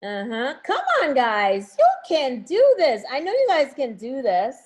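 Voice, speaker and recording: A woman's voice: sits high, sing-song, a little slow, a little mellow. Upbeat woman teaching a class online. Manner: encouraging, coaxing students. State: has a headache.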